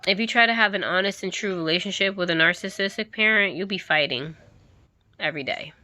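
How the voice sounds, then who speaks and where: A woman's voice: medium pitch, a little fast, bright, forceful tone, dry recording. Emphatic woman talking to camera. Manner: emphatic, repeats herself, laughs now and then. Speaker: vlogger. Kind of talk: candid monologue to camera.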